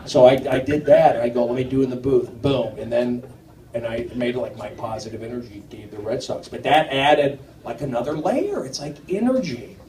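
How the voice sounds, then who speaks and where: A man performing a live stand-up set in a comedy club, rambling and jumpy, swinging from mumbled asides to sudden shouted outbursts. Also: mid-range voice, moderate pace. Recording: roomy, distant club recording with noise. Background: audience laughter.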